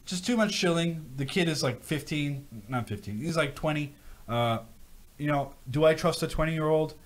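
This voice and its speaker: A man's voice: fairly high pitch, moderate pace. Rambling male livestream host. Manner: rambling, animated rants with repeated phrases. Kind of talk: casual livestream chat reading viewer questions.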